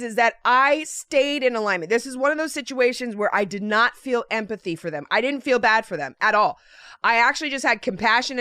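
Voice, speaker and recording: A woman vlogger telling a story in a casual monologue, animated and profane, often breaking into laughter. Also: mid-range voice, no room sound, studio quality. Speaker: lifestyle vlogger.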